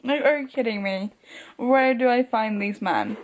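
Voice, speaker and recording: Book vlogger, woman, slightly high voice, gushy and excitable, laughs a lot. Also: unhurried. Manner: gushing, excitable, laughs often. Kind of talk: casual reading reactions to camera.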